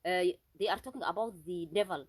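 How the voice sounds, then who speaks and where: Husky-voiced woman in an agitated monologue. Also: on the low side, a little fast. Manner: agitated and accusatory, with frequent restarts and repetitions. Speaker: vlogger. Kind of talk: unscripted solo monologue.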